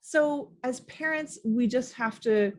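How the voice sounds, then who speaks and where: A woman's voice: on the high side, slow pace. A woman parenting coach speaking earnestly and with animation in an interview, often acting out how she talks to children. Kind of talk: interview conversation.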